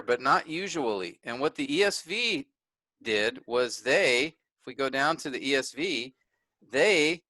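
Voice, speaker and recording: A man's voice: medium pitch, bright, forceful tone, dry recording. A man teaching a workshop, explaining marks on a shared screen step by step and correcting himself as he goes. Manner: pointing things out step by step, self-correcting.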